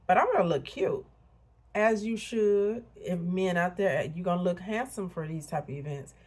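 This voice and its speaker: In a fairly low, darkish voice at normal speed, a fifties-aged vlogger from Illinois gives a casual motivational monologue. She's candid and blunt, with chatty asides aimed at her audience.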